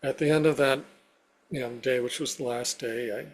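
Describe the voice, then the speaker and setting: Male interview guest, mid-pitched, recounts his story in vivid steps, lots of "you know". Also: fairly even intonation, normal speed. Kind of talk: personal storytelling in a conversation.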